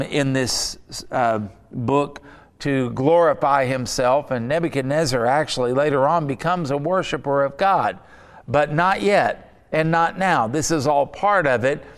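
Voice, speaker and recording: A man preaching a sermon in a relaxed, conversational teaching style, weaving in personal stories. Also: fairly high pitch, clear, resonant tone. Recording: long hall reverb.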